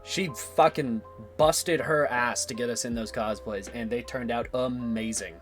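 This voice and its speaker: A young man in his twenties talks loosely to his stream audience from home. He rambles, swears easily and keeps breaking into laughter. His voice sits at an ordinary pitch, with soft music playing underneath. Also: a little slow. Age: 20s. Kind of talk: casual stream chat.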